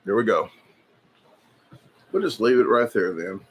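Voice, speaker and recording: A man hosting a casual livestream, rambling and chatty as he reads viewer comments aloud, filling pauses with lots of fillers and restarts. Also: fairly low pitch, lively intonation, slightly rough. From United States. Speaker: livestream host. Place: indoors at a hobby shop.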